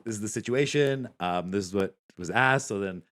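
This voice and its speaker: A man hosting a podcast, telling a story in a relaxed way with lots of fillers. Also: lowish voice, moderate pace. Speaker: podcast host. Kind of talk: casual podcast chat.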